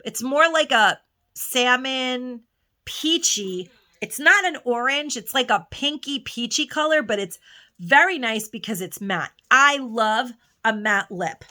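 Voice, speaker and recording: A woman's voice: on the high side, expressive, slow pace, bright, forceful tone. A woman beauty vlogger chatting casually at home through a haul, gushing about lipsticks and often restarting her sentences. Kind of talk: casual haul video chat.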